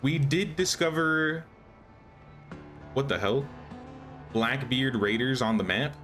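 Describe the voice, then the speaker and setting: Faint music sits behind a young man's medium-pitched, fairly bright voice as he speaks slowly. He's a streamer playing a survival game, offering casual live commentary while thinking out loud and restarting often.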